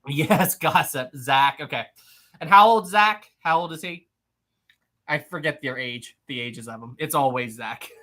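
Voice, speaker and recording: A woman hosts a live stream in loose, chatty talk. Her voice sits fairly low but swings widely, with a bright, forceful edge. She laughs often and restarts her sentences as she goes. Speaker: live-stream host reading chat. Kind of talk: casual live-stream chat.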